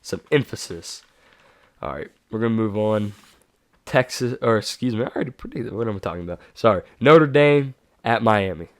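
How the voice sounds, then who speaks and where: A man's voice: on the low side, brisk, no echo. A man hosting his own sports show, giving casual, self-correcting predictions and hyping players. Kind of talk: solo sports prediction talk.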